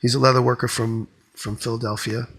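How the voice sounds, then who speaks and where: A man's voice: medium pitch, level tone, fairly quick, a bit bright, husky. A man co-hosting a podcast, telling a long rambling story with lots of restarts. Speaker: podcast co-host. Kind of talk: casual chat.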